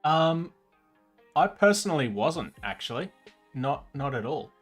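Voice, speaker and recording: A man hosting a casual live stream chat, relaxed and loose, with many fillers. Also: a little high, unhurried, music in the background. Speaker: host. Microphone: online voice chat mic.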